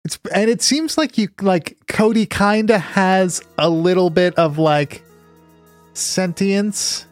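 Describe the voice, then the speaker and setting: A man co-hosting a podcast, chatting casually about a movie in an excitable, rambling, profane way. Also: high voice, takes it slowly, dry recording, faint music behind. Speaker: podcast co-host.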